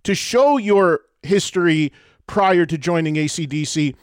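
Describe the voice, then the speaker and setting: A male podcast host asking interview questions in a quick, eager way, often restarting his sentences. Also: a little high, clean tone, no echo, studio quality.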